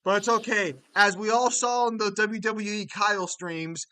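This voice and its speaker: A man hosting a casual stream, chatting loosely and swearing, with sudden animated outbursts. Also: high voice, moderate pace, clean tone, dry recording. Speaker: streamer host.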